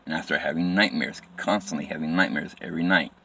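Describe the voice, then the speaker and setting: A man telling a personal story from his life in plain, halting phrases with frequent restarts and repetition. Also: rumbling low, fairly even intonation, gravelly, pushed and bright, slight background noise.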